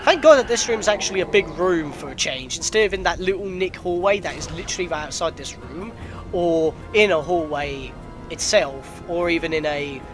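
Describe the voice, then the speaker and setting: A man narrating his gameplay in a chatty, excitable way with sudden outbursts. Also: sits high. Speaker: let's player. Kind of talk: gameplay commentary.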